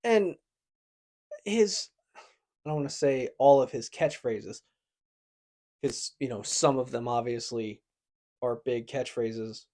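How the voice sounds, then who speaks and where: A man's voice: medium pitch, mellow. A man co-hosting a casual chat, talking in a chatty way and often quoting catchphrases. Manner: chatty, quick to quote catchphrases and laugh. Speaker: wrestling podcast co-host.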